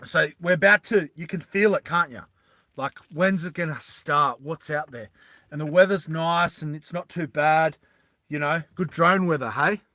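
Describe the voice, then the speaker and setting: A man's voice: a little high, moderate pace, no room sound. Rambling man telling a story. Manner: rambling, animated, with many fillers and asides. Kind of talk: improvised casual storytelling.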